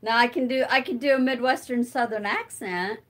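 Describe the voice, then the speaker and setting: A woman's voice: fairly high pitch, a little fast, fairly bright tone. A middle-aged woman hosting a casual livestream, chatting with viewers and answering comments while she crafts, rambling and thinking aloud with lots of fillers. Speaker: livestream host.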